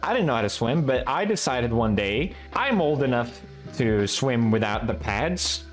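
A man's voice: mid-range voice, sing-song, moderate pace, faint music behind. A young man from Sweden, giving casual, sarcastic and profane reaction commentary as a video host.

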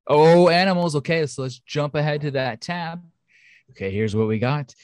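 A man's voice: medium pitch, expressive, normal speed, no echo, studio quality. Jokey male podcast host. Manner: jokey, laughing. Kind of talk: casual podcast chat, reading news.

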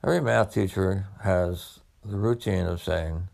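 A man's voice: sits low, fairly even intonation, unhurried, creaky, a little mellow. A man who was once a police officer tells his own story about studying for medical school, in a reflective, conversational way. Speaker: former police officer turned medical student. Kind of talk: personal storytelling.

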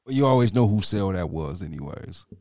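A man's voice: sits low, lively intonation, a little fast, a little mellow, no room sound. A man in profane, casual podcast chat who tells stories animatedly and laughs often.

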